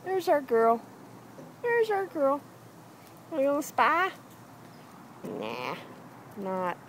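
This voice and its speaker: A woman's voice: high voice, huge pitch swings, takes it slowly, a little hiss or hum. A woman filming her dogs in a backyard on a handheld camera, calling and coaxing them in a sing-song voice. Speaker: dog owner filming her pets. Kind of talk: casual home video narration. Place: backyard outdoors by a fence.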